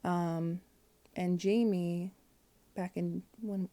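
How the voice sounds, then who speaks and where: A woman's voice: fairly low pitch, steady tone, drawn-out words, warm tone. A woman in her forties candidly telling an emotional personal story as a podcast guest, with fillers and quoted dialogue.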